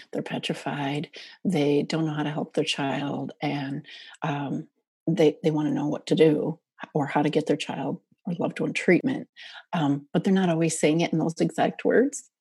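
Warm, husky woman speaking softly. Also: sits low, fairly even intonation, normal speed, no room sound. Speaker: parent coach for eating disorder families. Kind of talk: podcast interview.

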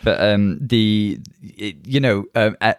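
Brief: male co-host, low pitch, playful casual chat. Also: slow pace, clean tone, no room sound, studio quality. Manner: chatty, playful, laughs easily.

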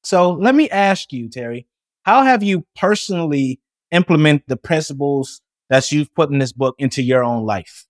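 A man's voice: fairly high pitch, lively intonation, normal speed, no room sound, studio quality. A man who hosts a podcast and works as a coach, affirming his guest and asking questions. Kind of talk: interview host.

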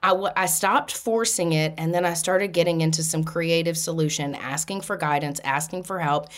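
Animated woman telling a personal story. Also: low-pitched, moderate pace. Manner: animated, laughs while telling stories. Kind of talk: casual storytelling monologue.

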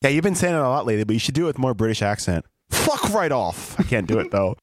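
A man's voice: medium pitch, sing-song, rapid-fire, darkish tone, no room sound, studio quality. A man co-hosting a podcast, giggly and rambling in casual banter. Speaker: podcast co-host.

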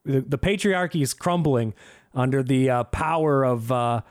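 A man hosting a casual podcast, giving a sarcastic, profane and animated movie review. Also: medium pitch, normal speed.

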